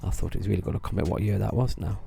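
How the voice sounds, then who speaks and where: Gravelly low-voiced man rambling through memories. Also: fairly even intonation, very fast, dark tone, soft background music. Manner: rambling, restarts often, laughs at own stories. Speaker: vlogger recalling theme park work. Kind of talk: rambling casual storytelling.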